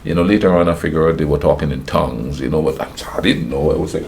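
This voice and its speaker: A man tells a personal story in a casual, animated way, acting out other people's voices and laughing often. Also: very deep voice, quick pace, creaky, few pauses, slight background noise.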